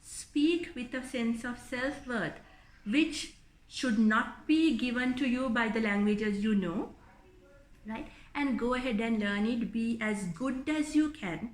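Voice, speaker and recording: Earnest Sri Lankan woman lecturing, slightly high. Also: slow pace, reverberant. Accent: Sri Lankan English. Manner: earnest, advising, many restarts. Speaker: English lecturer. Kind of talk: educational talk.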